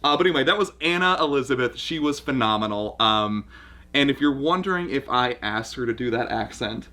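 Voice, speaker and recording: Bright-voiced male comedy host. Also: medium pitch, animated. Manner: laid-back banter with quick laughs. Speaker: show host and writer. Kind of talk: casual commentary chat.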